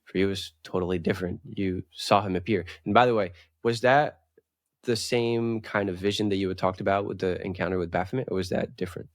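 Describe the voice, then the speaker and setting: A man hosting an interview, asking measured follow-up questions. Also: low-pitched, fairly even intonation, no echo, studio quality.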